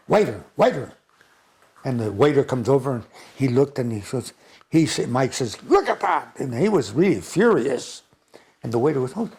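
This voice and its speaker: A man's voice: medium pitch, a little mellow, slightly rough. A man in his nineties from the United States, telling old war memories in a rambling way, chuckling and restarting often. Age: 90s. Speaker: interviewee recounting war memories. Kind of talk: oral history reminiscence.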